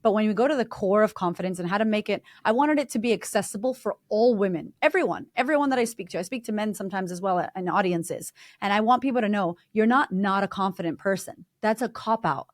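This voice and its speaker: A woman's voice: medium pitch, expressive, quick pace, hardly any pauses, no room sound, clean studio sound. A woman guest in a casual interview, a confidence coach who talks bluntly and emphatically, swearing freely.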